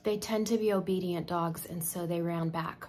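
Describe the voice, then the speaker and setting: A woman's voice: lowish voice, fairly even intonation, moderate pace, a little mellow, slight background noise. A middle-aged woman chatting casually while doing her makeup, telling an emotional story and dropping to a near whisper at tense moments. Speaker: makeup vlogger.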